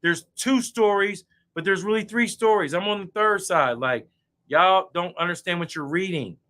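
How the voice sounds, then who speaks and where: Drinking beer as he goes, a guest speaker in a heated casual debate chat online brags and curses his way through a rant. His voice sits high and sounds pushed and bright, moving at a moderate pace.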